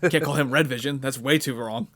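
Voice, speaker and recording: A young man in a casual podcast chat, his voice sitting at an ordinary middle pitch. He rambles, circles back, and fills the gaps with likes and uhs as he works his way through a retelling. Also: fast talker, fairly bright tone. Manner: rambling, many fillers and restarts. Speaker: podcast co-host.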